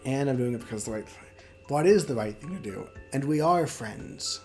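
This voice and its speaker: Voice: medium pitch, expressive, normal speed, darkish tone. A game streamer chatting casually while playing a visual novel, thinking aloud and poking fun at their own character voices. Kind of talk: casual let's-play commentary. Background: faint game music.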